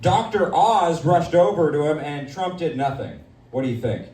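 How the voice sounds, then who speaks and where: A man's voice: on the high side, lively intonation, normal speed, a little mellow. A man hosting a live comedy show, bantering in a brash, crude, mock-pompous way. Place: comedy night in a dispensary. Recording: echoey room, distant mic.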